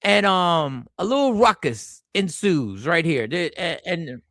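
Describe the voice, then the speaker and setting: A man hosting a podcast in casual chat, telling stories in an animated, playful way. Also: a little high, slow pace, background noise. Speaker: podcast host.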